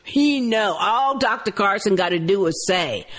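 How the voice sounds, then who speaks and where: A woman co-hosting a podcast, chatting casually and bluntly about a TV episode, quick to curse. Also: mid-range voice, animated, a bit bright. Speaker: podcast co-host. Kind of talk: casual chat recapping a TV episode.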